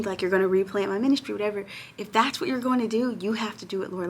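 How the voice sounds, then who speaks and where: A young woman vlogging in casual chat to camera, excitable, breaking into squeals and exclamations. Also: fairly high pitch, quick pace.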